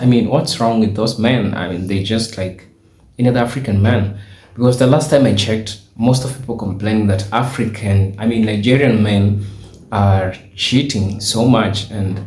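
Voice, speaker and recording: A man's voice: fairly low pitch, a little mellow, echoey room. A man from Kenya hosting a reaction commentary, questioning and hesitant, with many fillers. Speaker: host.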